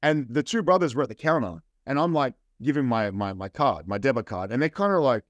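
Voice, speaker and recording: A man's voice: mid-range voice, a little fast, no echo, lo-fi sound. Chatty Australian man telling stories. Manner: animated anecdotes with "right?" and "I'm like". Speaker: interview guest. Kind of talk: casual storytelling.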